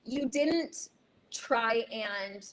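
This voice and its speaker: A woman's voice: a little high, drawn-out words, a bit bright, low-quality recording. A woman appearing as a guest on a talk show, speaking in an affirming, thoughtful way. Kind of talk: conversational talk show chat.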